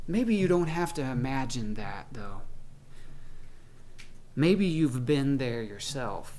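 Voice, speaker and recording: A man's voice: mid-range voice, very animated, slow pace, long pauses, a little mellow. A man preaching a sermon as pastor, talking conversationally and acting out the voices of people in his stories.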